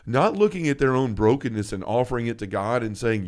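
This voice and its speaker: Guy on a faith podcast, earnest and emotional, keeps restarting sentences, mid pitch. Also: sing-song, a little fast, hardly any pauses, a little mellow. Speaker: podcast co-host.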